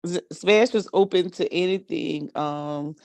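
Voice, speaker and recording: A woman's voice: on the low side, unhurried, a little mellow, no room sound. A woman in a casual video call chat, talking in a chatty way and laughing easily.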